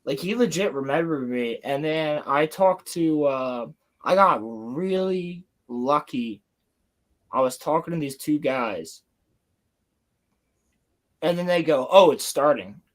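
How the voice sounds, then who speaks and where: A young man hosting a livestream from home, telling a story in an excited, rambling way with casual swearing. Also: a little high, slow. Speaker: livestream host. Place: home, building Lego on stream.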